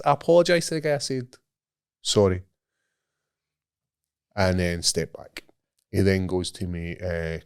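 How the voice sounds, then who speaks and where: A Scottish man in his thirties, co-hosting a podcast and telling a sweary, animated story in casual chat. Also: deep voice, normal speed, pauses often, smooth, no room sound, clean studio sound. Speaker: podcast co-host.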